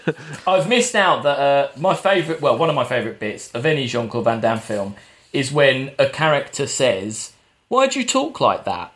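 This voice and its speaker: A man's voice: medium pitch, normal speed, a bit bright. A man co-hosting a podcast, casually recapping film scenes and quoting lines. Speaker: podcast co-host.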